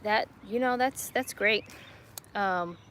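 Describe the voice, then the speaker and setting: A woman in her late twenties hosting a casual livestream from home, answering viewer questions in an earnest, reflective way with frequent soft laughs. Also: medium pitch, takes it slowly, slight background noise. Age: late 20s.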